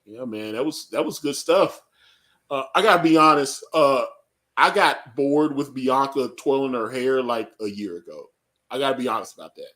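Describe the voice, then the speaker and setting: A man's voice: medium pitch, lively intonation, moderate pace, a bit bright. A man co-hosting a casual live reaction chat, rambling and joking with frequent laughs. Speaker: podcast co-host.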